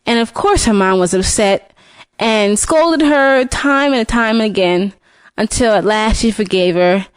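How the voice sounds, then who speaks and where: A woman retelling a fairy tale in an unscripted way, with restarts and fillers, lifting her pitch to voice the characters. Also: measured pace, clear, resonant tone, no room sound. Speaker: storyteller.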